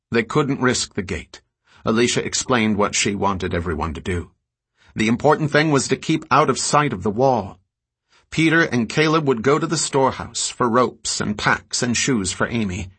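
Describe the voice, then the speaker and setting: A man narrating an audiobook in a measured, grave storytelling manner. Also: fairly low pitch, a bit bright, breathy edge.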